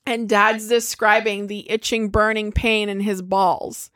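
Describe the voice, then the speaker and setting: A woman in casual chat, retelling a movie in a lively way, swearing freely and acting out the characters' lines. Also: mid-range voice, measured pace. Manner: animated storyteller, swears freely, acts out quotes.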